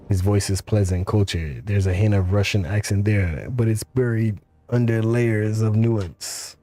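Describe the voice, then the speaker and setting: A man streaming a game, reading its text aloud in a steady, even way. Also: fairly low pitch, measured pace, faint music behind.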